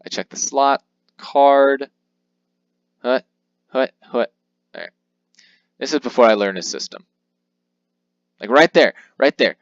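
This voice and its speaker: A man's voice: medium pitch, expressive, a little slow, long pauses, dry recording, muffled recording. A man giving casual, self-mocking game commentary, rambling with jokey asides. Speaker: let's play commentator.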